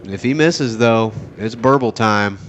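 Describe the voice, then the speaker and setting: A man with a deep, low voice calls a pool match at a tournament venue. His play-by-play is casual and excitable, full of jokes and rambling side tangents. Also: a little slow, highs cut off, a little hiss or hum. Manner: rambling, joking, excitable asides.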